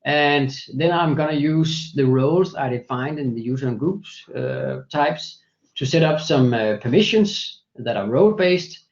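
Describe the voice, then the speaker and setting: A man presenting a software product in a screen-share demo, walking through steps methodically with frequent hesitations. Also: mid-range voice, animated, a little slow, muffled recording. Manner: many fillers and restarts, methodical walkthrough.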